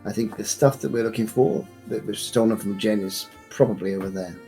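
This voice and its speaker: A man speaking as a player in a tabletop game, talking haltingly with restarts. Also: fairly low pitch, dark tone, faint music behind. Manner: halting, stumbling speech with laughs. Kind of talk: casual tabletop play.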